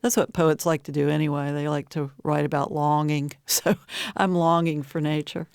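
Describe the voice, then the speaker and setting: A woman's voice: low-pitched, level tone, a little mellow, clear, resonant tone, no echo, studio quality. A middle-aged woman poet from Appalachian Virginia, chatting reflectively as an interview guest and laughing often. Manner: reflective, laughs often, speaks slowly at times. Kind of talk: casual interview chat.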